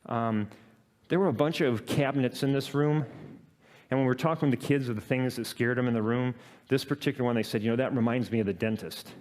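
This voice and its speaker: A man giving a talk to an audience, telling a personal work story in a halting way with many fillers and self-deprecating laughs. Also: mid-range voice, darkish tone.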